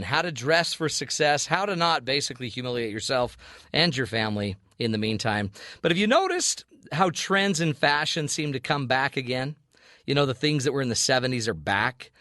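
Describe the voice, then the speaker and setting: A man's voice: mid-range voice, no room sound, clean studio sound. A man hosting a radio show, telling a comic story and acting out the voices in it. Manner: animated, acts out quoted voices. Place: radio studio. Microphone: studio mic.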